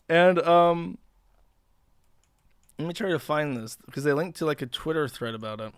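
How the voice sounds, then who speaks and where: A man's voice: on the high side, expressive, normal speed, pauses often, clean tone, no echo, clean studio sound. A man hosting a livestream, reading posts aloud in casual commentary with a sarcastic, profane, mocking manner. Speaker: livestream host.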